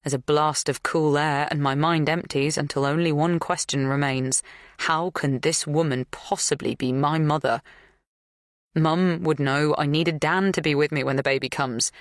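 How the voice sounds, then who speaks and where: A woman reading a first-person suspense audiobook in a tense, measured way. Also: low-pitched, steady tone, no room sound, clean studio sound. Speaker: audiobook narrator. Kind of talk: first-person thriller narration.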